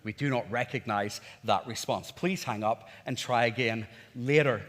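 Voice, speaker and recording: A man's voice: mid-range voice, moderate pace, a bit bright, voice pushed down, close to an everyday voice. A man imitating a polite automated phone menu voice in formal, mechanical phrasing. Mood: stiff. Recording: reverberant hall.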